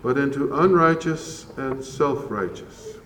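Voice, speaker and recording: A man preaching a sermon as a priest, measured and earnest with slow emphatic pauses. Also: medium pitch, a bit bright, slight background noise. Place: church. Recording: roomy church echo from far off.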